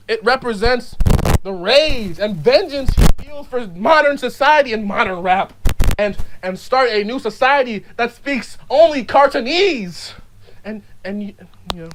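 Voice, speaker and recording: A vlogger rambles through an ironic monologue with a straight face, tripping over words and restarting sentences. The voice sits at a middling pitch and lurches between sudden loud outbursts and low, half-swallowed mumbling. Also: slight background noise, poor audio. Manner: mock-serious, stammering restarts.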